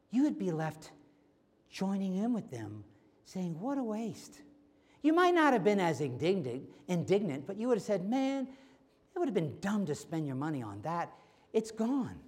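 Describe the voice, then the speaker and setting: A man preaching a sermon as pastor, animated and acting out quoted voices. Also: on the high side. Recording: long hall reverb.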